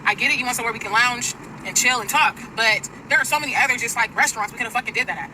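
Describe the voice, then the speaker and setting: Young woman, rapid-fire profane storytime rant, street traffic behind. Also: a little high, recorded from a distance. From US Pacific Northwest. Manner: fast, profane, exasperated. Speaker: storyteller in stitched clip.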